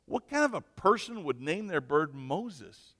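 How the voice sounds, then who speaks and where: A preacher playing a startled, incredulous burglar. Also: male voice, a little high, big pitch swings, a little slow, fairly bright tone, exaggerated voice. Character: jumpy, startled male burglar. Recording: echoey hall.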